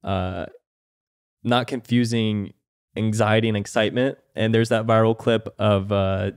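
A man's voice: lowish voice, steady tone, a little slow, clear, resonant tone, no echo. Chatty male podcast host, dry sound. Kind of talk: casual podcast chat.

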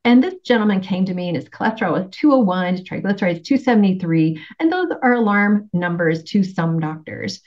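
A woman's voice: medium pitch, animated, brisk, few pauses, darkish tone. A middle-aged woman giving a casual health talk with slides, telling her story in a chatty way, laughing often and acting out quotes. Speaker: nutritionist presenter. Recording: slightly dull lo-fi sound.

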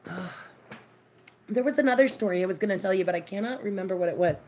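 A woman's voice: mid-range voice, quick pace, a little mellow, slight background noise. A woman hosting a casual live stream from her home kitchen, chatting with viewers and telling a story. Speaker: live-stream cooking host.

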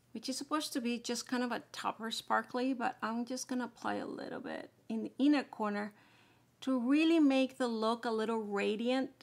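In a chatty makeup tutorial, a woman walks through every step while applying her products. Her voice sits on the high side and sounds gravelly.

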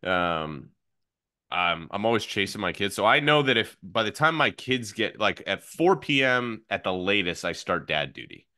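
A man in his thirties, a podcast guest and fitness coach, telling animated stories with lots of fillers and quick swings between excitement and hushed asides. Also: lowish voice, no room sound, clean studio sound. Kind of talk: casual podcast chat.

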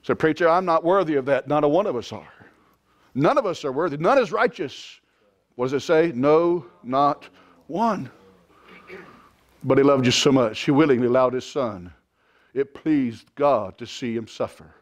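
Impassioned preacher, higher voice. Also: male voice, animated, moderate pace. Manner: impassioned preaching, rising to shouts. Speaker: pastor. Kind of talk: sermon.

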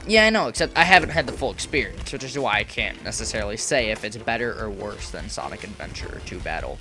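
A teenage boy streaming live, chatty, talking in quick bursts and laughing often. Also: on the low side, lively intonation, over music. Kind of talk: casual live-stream chat.

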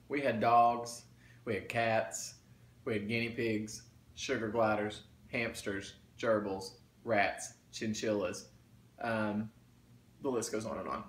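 A man's voice: on the low side, fairly bright tone. A man chatting casually to viewers while eating, folksy and talkative. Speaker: mukbang vlogger. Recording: roomy echo, faint background noise.

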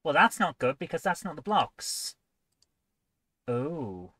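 A woman's voice: low-pitched, sing-song, slow, fairly bright tone, husky, no echo. A woman hosting a live game coding stream, chatty and playful, often joking at her own expense. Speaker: host.

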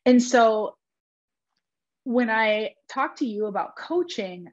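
A woman in her thirties, a real estate agent and podcast guest, candidly telling her own story with quick asides and self-deprecating humor. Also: a little high, lively intonation, muffled recording.

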